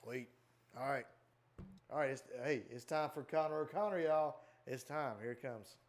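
A man co-hosting a casual podcast, relaxed and quick to laugh. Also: mid-range voice, over loud music. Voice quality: laid-back, laughs easily. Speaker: podcast co-host. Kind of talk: casual chat.

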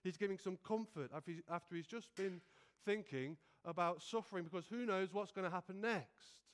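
A nervous male preacher gives an evening sermon into a stand mic. His voice is high for a man and notably clear and resonant. He talks earnestly and humbly and often restarts his phrases. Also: a little fast. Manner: earnest, self-effacing, with frequent restarts.

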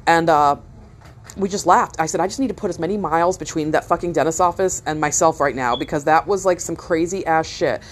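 A woman's voice: sits low, brisk. A woman in her thirties telling a long story in a casual, rambling way, swearing often and stopping to restart her thoughts. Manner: rambling, profane, animated retelling with many fillers.

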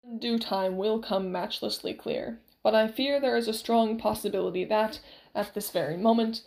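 A woman's voice: a little high, normal speed, gravelly, darkish tone, poor audio. A woman reading aloud, voicing a scheming prince who speaks formally and elaborately. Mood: smooth scheming. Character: scheming royal prince, smooth and self-important.

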